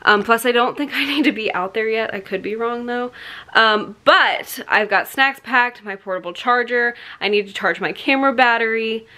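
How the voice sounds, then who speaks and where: A young woman talks to her camera in a loose, rambling vlog style, full of ums and likes. She sounds tired. Her voice is bright and forward. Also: on the high side, moderate pace, poor audio. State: tired late at night. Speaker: vlogger. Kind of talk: casual vlog talk to camera.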